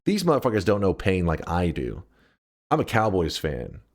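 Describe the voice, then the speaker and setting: A man's voice: deep voice, wildly swooping pitch, normal speed. A man in his thirties chatting casually on a livestream, ranting and joking with lots of swearing. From United States. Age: 30s. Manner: ranting, profane and jokey with chat.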